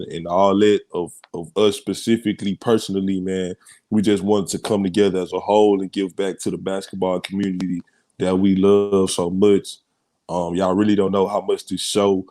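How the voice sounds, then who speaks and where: A man's voice: deep voice, darkish tone. A man giving heartfelt thanks as co-host of a sports show, earnest and close to tears, filling his talk with "man" and restarts. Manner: emotional, earnest, repeats "man" and restarts often. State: fighting back tears.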